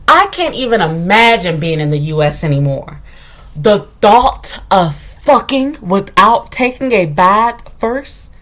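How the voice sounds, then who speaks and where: A woman's voice: on the high side, fairly bright tone. Blunt, profane woman vlogging. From United States. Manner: blunt, profane, candid storytelling. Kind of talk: casual vlog monologue.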